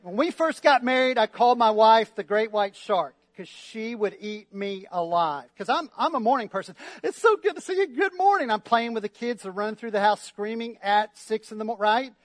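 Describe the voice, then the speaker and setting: High-voiced pastor with a joking, lively sermon. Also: male voice, normal speed, few pauses, no room sound. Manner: lively, joking, asks the crowd for responses. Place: church.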